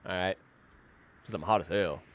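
A young man hosting a gaming video, boasting, joking and yelling at the game as he plays. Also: low-pitched, moderate pace, slight background noise. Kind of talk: gameplay commentary.

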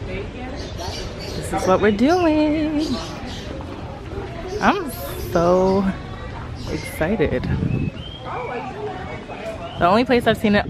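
A young woman vlogging her travels, excitable and nervous, often saying "you guys", filmed outdoors. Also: fairly high pitch, very slow, long pauses, over music. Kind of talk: travel vlog chat. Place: outdoors on a trip. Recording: loud outdoor noise.

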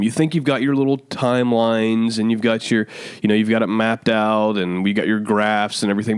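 A man's voice: lowish voice, dry recording. A man preaching an online sermon, urgent and emphatic, pressing his point through repetition.

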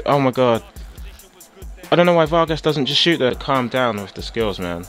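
A young gaming YouTuber gives casual commentary on his gameplay, now and then bursting into excited shouting. His voice is fairly high, tired and sore-throated, at normal speed, with soft music in the background.

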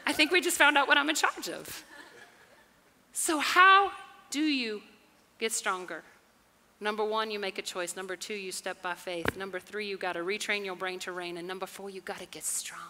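A woman pastor, preaching a lively sermon that swings from soft talk to shouts, often laughing. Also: medium pitch, moderate pace, slight background noise. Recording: live church hall reverb with music.

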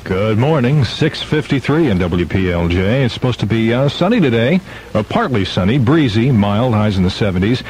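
A man reading news and weather on morning radio, brisk and plain. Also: lowish voice, sing-song, darkish tone, poor audio. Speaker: news reader.

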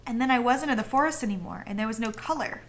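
A woman's voice: on the high side, fast, a little hiss or hum, close to an everyday voice. Minnie Mouse, read by a woman. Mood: earnest. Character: sweet gentle female cartoon mouse. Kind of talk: reading game dialogue aloud.

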